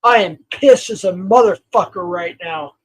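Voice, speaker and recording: A man hosting a livestream, ranting and swearing with loud outbursts that drop to near mutters. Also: high-pitched, moderate pace, slightly rough, low-quality recording. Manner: swearing, shouting in bursts, then dropping quiet. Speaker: livestream host. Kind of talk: angry livestream rant.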